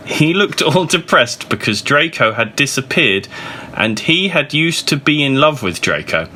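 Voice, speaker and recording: Animated man reading aloud, laughing. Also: medium pitch, unhurried, slight background noise. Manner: laughs often while reading, shouts characters' lines. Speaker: reader. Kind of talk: comedic dramatic reading of fan fiction.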